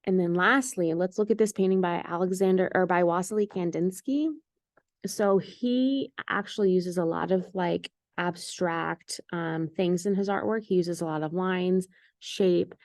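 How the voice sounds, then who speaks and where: A woman's voice: lowish voice, measured pace, darkish tone, no echo, studio quality. A woman teaching an art lesson in a recorded video, giving patient, step-by-step instructions with the odd "um".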